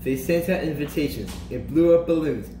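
A man reading a children's storybook aloud in an animated way, slowing down and lifting his voice for emphasis. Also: roomy sound, noisy background. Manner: animated, slows and lifts pitch for emphasis and character lines. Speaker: storybook reader.

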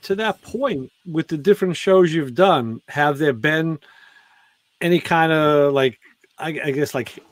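A man's voice: on the high side, a little slow, no echo. Rambling male host, dry sound. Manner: rambling, filler-heavy questions. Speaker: show host. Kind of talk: casual interview.

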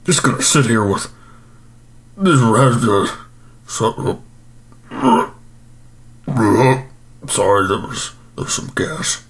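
A man's voice: mid-range voice, animated, slow pace, pauses often, fairly bright tone. A man playing an overstuffed, self-pitying male supervillain in an improvised comedy monologue, groaning and rambling about his regrets.

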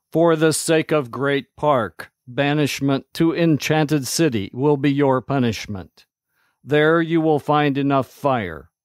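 A man voicing a calm, gruff male ranger commander who gives slow, measured orders. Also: medium pitch, no echo, clean studio sound, close to an everyday voice.

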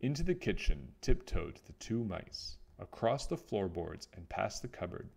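A man reading a children's picture book aloud, with expressive storytelling. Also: sits low, measured pace, creaky, husky.

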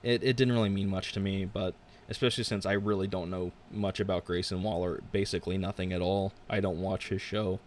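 A young man talks through a wrestling show alone, rambling and blunt, tripping over his own sentences. His voice sits fairly low. A faint noise floor hums under the recording. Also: fairly even intonation, fairly quick, darkish tone. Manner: rambling, self-interrupting, frank opinions. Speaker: podcast host reviewing wrestling. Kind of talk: casual solo review.

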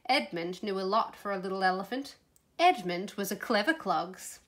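A woman reading a children's storybook aloud in an expressive, playful way. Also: medium pitch, moderate pace. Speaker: storybook reader.

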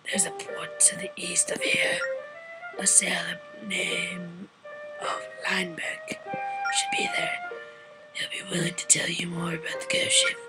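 A woman voicing a frail, grumbling old grandfather in a breathy whispered role-play. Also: very high voice, wildly swooping pitch, unhurried, pitched above the performer's own voice, exaggerated voice, poor audio. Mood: grave. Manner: fussy, grumbling elder. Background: game music.

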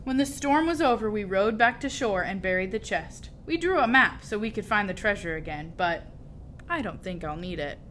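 Lively woman reading a children's story. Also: mid-range voice, moderate pace, a little hiss or hum. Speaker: storybook reader. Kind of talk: children's story read aloud.

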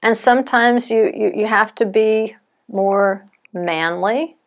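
A middle-aged woman giving an earnest, measured teaching talk to wives, telling stories to make her points. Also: medium pitch. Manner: earnest, measured, softens for quoted fears. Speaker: Bible teacher.

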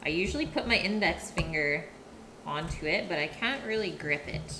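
A Canadian woman with a lowish, expressive voice and moderate pace live-streams herself cooking in her home kitchen, chatting with viewers and replying to their chat. The echoey kitchen is noisy with loud clattering of pots, pans and dishes.

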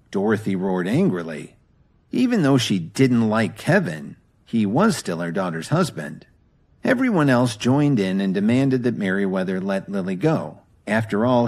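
A man narrates a serialized audio drama with dramatic, expressive delivery. His voice is husky and his pitch moves in lively swings.

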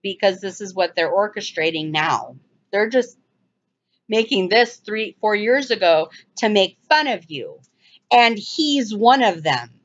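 Woman ranting over clips, urgent and mocking, does high silly voices, muffled recording. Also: animated, measured pace. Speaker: channel host. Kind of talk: casual commentary over video clips. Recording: dull lo-fi sound.

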